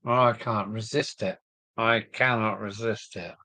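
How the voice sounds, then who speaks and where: A man's voice: fairly low pitch, fairly even intonation, unhurried, bright, forceful tone, dry recording. An older man with a southern English accent, chatting casually and rambling on a model railway live stream, chuckling as he reads viewer comments aloud from his loft. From southern England. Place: home loft.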